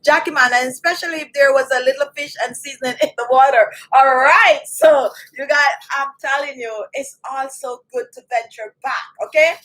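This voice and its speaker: A woman's voice: high-pitched, normal speed, hardly any pauses, fairly bright tone, low-quality recording. A woman with a Jamaican accent, a beauty vlogger chatting casually on a livestream, addressing viewers directly and often asking "okay?".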